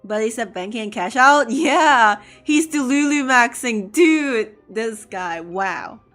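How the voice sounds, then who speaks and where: A young woman streamer chatting casually while gaming, chatty and excitable, filling her talk with "like" and "I don't know". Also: a little high, slow, soft background music.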